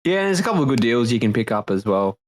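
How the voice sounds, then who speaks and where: A man chatting casually on a podcast, tossing in quick, blunt asides and the odd swear. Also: medium pitch, sing-song.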